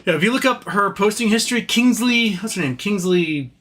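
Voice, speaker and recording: A man's voice: high voice, lively intonation, brisk, fairly bright tone. A man hosting a livestream, ranting casually about politics, reading viewer chat aloud and talking to his pet between comments. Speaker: livestream host.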